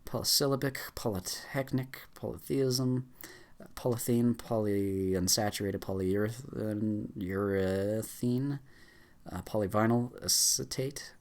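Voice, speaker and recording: A man with a somewhat low voice races through a long list of words as a YouTuber. He stumbles over some of them and restarts, pushing on without pause. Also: fairly even intonation, a little mellow. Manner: rattling off words fast, stumbling with fillers and restarts. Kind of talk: rapid word-list reading.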